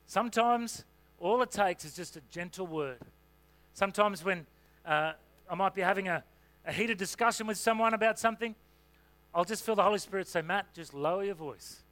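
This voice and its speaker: A man's voice: high-pitched, normal speed, fairly bright tone, no room sound. A man preaching a sermon in a conversational, humorous way, with asides and fillers. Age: adult parent.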